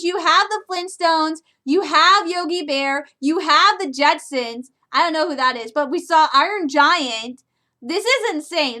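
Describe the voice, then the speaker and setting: A woman in her twenties from Michigan gushing casually about a movie trailer in a reaction video, excitable and quick to laugh. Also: sits high. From Michigan, USA.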